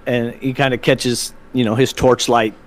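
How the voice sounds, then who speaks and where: A man narrating a tabletop game as its game master, loosely and with plenty of fillers. His voice sits at an ordinary middle pitch. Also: little pitch movement, normal speed, slight background noise. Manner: rambling narration with fillers and laughs.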